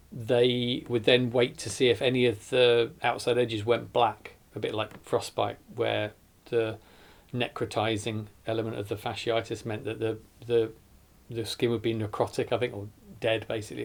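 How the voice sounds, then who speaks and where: Guy telling his survival story, gravelly mid-pitched voice, keeps correcting himself. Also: level tone. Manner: earnest, halting recounting with self-corrections. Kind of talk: documentary interview recollection.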